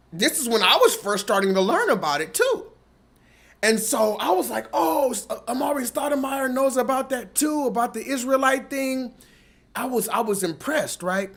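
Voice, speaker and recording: A man with a high voice hosts his own show, ranting in a heated, profane way. He talks emphatically and stresses his points over and over. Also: a bit bright. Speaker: host. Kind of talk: ranting commentary.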